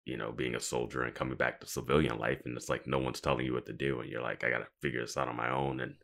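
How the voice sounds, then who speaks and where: Super deep gravelly guy, rambles with lots of likes. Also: flat delivery, fast, a bit bright. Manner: rambling, filler-heavy, laughs often. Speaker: podcast co-host. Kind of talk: casual chat.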